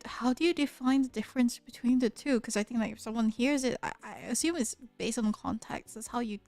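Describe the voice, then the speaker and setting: Chatty Malaysian woman streamer, higher voice. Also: brisk, darkish tone, no echo, faint music behind. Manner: curious, chatty, laughs often, many restarts. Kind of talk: casual livestream chat with viewers. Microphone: close studio mic.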